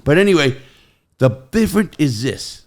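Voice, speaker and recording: A middle-aged man hosting a podcast, telling stories in casual chat and jumping to loud, high quotes. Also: normal speed. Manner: animated storyteller, jumps to loud high quoting. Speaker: podcast host.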